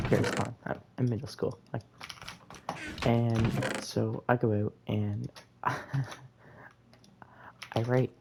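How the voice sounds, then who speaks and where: A man's voice: fairly low pitch, creaky, background noise. A young man casually telling a rambling, laid-back story over gameplay, full of fillers and slang. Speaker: gaming storyteller.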